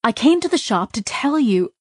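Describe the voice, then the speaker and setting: A woman narrator voicing an artificial girl who answers in a steady, soothing, evasive way. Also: a little high, moderate pace, dry recording, studio quality, voice pushed up. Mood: calm reassuring.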